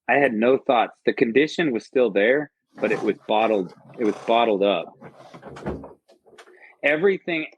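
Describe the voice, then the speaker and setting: A man's voice: fairly low pitch, no echo. A man from the United States, a podcast guest and army veteran, telling a personal story in a rambling, profane, earnest way. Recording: dull lo-fi podcast audio.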